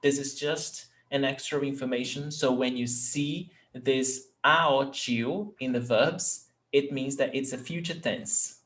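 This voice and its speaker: A man teaching a language lesson, explaining slowly and checking in with his students. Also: medium pitch, fairly even intonation, fairly bright tone. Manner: slow, deliberate explanations with frequent "okay?" check-ins. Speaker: Portuguese teacher.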